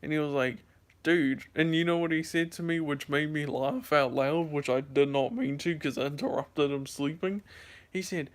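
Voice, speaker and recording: Young male vlogger, tired, higher-pitched, rambling casual storyteller. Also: steady tone, normal speed. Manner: rambling, many fillers and restarts. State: sleepy.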